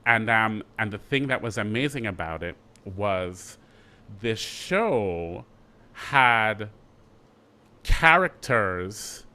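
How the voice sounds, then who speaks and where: A middle-aged Jamaican man, an actor being interviewed, telling his story in a lively way with quick asides and restarts. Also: on the low side. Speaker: actor guest.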